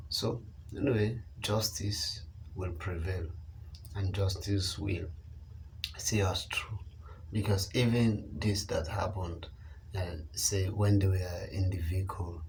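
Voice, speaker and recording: A man with a low voice gives commentary on a news story in an unhurried way. He leans hard on his points and repeats phrases to stress them. A faint hum of noise sits under the voice. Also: a little mellow, rough recording. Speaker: online channel commentator.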